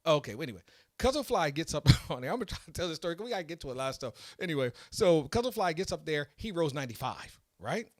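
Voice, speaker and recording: A man hosting a casual podcast, telling a story in an excitable, animated way that builds to loud peaks. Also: on the high side, fast, no room sound, clean studio sound. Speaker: podcast host.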